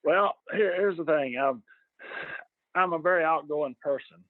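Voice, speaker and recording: A man's voice: on the high side, no room sound. Older Southern US man, rambling guest, restarts a lot, phone-thin dry audio. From Georgia, US South. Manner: rambling, halting storyteller with many restarts. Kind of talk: casual interview chat. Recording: tinny phone-line audio.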